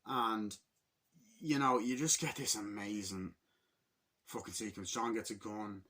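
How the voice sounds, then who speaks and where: A man reviewing a film in casual, breathless talk, cursing at every turn and jumping into the action. His voice is bright and strained, with a husky, slightly rough texture. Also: on the low side, unhurried. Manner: excitable and heavily profane, acts out scenes in loud impressions. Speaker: movie reviewer.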